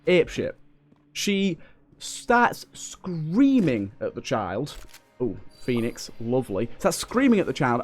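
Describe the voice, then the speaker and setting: Young British man, let's play host, rambling casual storyteller, slightly high voice, faint game music underneath. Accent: British English. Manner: rambling, with frequent restarts and fillers. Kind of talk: casual storytelling over gameplay.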